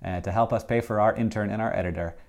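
A man's voice: fairly low pitch, fairly even intonation, quick pace, a little mellow. A man co-hosting a podcast in casual chat, playful, laughing often and restarting his sentences. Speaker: podcast co-host.

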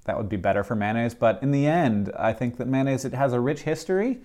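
A man's voice: mid-range voice, animated, fast, a little mellow. A man co-hosting a podcast in casual chat, playful, laughing often and restarting his sentences. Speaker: podcast co-host.

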